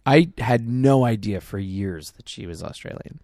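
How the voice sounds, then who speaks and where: A laid-back man co-hosting a podcast, joking with deadpan asides. His voice is gravelly and mellow, and it sounds dry and close to the mic. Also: fairly low pitch, moderate pace, dry recording. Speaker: podcast co-host; drama teacher. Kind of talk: casual chat.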